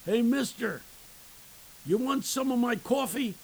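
A man voicing a scruffy, generous homeless man who calls out loudly and eagerly. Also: fairly high pitch, very animated, measured pace, gravelly, slight background noise, pitched above the performer's own voice, full character voice, low-quality recording.

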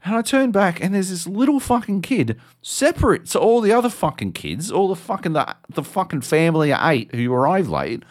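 A man, co-hosting a podcast and telling a story in an animated, swearing way. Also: on the high side, fairly quick, hardly any pauses. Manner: animated, swears a lot, acts out voices. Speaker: podcast co-host. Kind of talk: casual storytelling chat.

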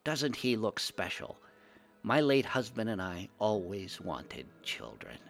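A man's voice: on the low side, sing-song, takes it slowly, vocal fry, fairly bright tone, soft background music, exaggerated voice. A man voicing a scheming, wary old widow in a storybook reading, sweet on the surface with an odd tone. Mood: odd sweetness.

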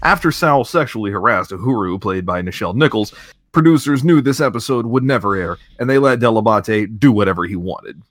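A man co-hosting a comedy podcast, hamming up mock announcer lines between laughs. His pitch swings widely and the sound is close and dry, with no room in it. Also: lively intonation, a little fast, dry recording. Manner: jokey, laughs often, mock announcer delivery. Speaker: podcast co-host.

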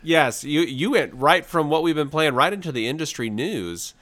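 A man's voice: a little high, expressive, normal speed, fairly bright tone. A man co-hosting a podcast in casual chat, rambling with fillers and playing at being offended. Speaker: podcast co-host.

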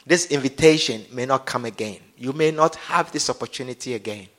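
A man preaching as a pastor, leading an altar call and a prayer in a slow, repetitive, pleading manner. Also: medium pitch, a bit bright.

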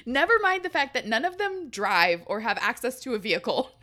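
A woman hosting a casual podcast chat, lively and quick to laugh and swear. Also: a little high. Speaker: podcast host.

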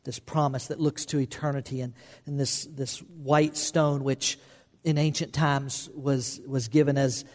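A man's voice: mid-range voice, steady tone, unhurried, darkish tone. A man preaching a sermon as pastor, earnest and repetitive, often restarting phrases for emphasis. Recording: long hall reverb.

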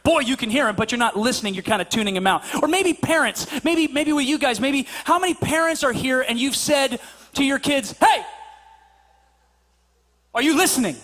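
A man's voice: very high voice, fairly quick, a bit bright. A man preaching a sermon at a church service in a conversational way, repeating his points and restarting his sentences as he acts out stories. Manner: conversational, repetitive, stammering restarts, acts out anecdotes. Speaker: pastor.

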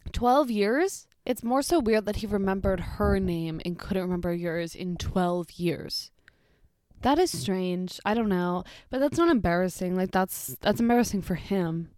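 A woman's voice: mid-range voice, a little mellow, no room sound, studio quality. A young woman chatting casually as she reads out embarrassing stories, blunt and incredulous, swearing freely. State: pregnant. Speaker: storytime creator. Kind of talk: casual chat reading stories aloud.

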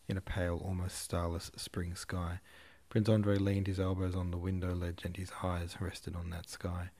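A man reading a classic novel aloud as a podcast host, in a measured storytelling manner. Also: low-pitched, darkish tone. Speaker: audiobook reader and podcast host.

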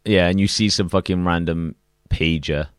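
A man's voice: sits low, steady tone, normal speed, clean tone, no echo, clean studio sound. A man co-hosting a casual podcast, chatting and swearing, acting out little quotes. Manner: conversational, swearing, acts out quotes. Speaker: podcast co-host. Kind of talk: casual profane chat.

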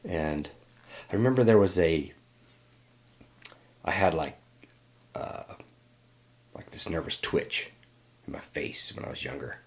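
In an interview, this middle-aged man from Northern California reflects aloud in a very deep, low voice. He's expressive, frequently stopping and starting his thoughts over.

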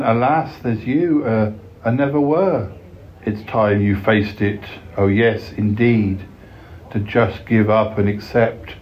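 Man reading poems, unhurried. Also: lowish voice, muffled recording. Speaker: podcast host.

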